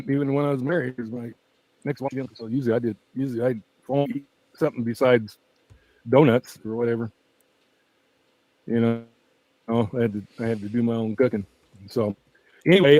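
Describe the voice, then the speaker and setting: A man's voice: mid-range voice, steady tone, brisk, pauses often, a little mellow, no room sound, rough recording. Rambling close-mic man, dry sound. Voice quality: weak voice that tires easily. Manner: rambling, emphatic, laughs often. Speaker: true-crime channel host. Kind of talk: casual rambling livestream chat. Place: at home with pets. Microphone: very close to the microphone.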